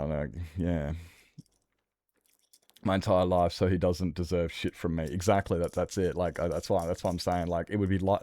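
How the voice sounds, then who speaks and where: Young male streamer, deep voice, dry sound, loose candid sweary chat. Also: a little mellow, no echo. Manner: rambling, swears freely, candid. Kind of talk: casual livestream chat.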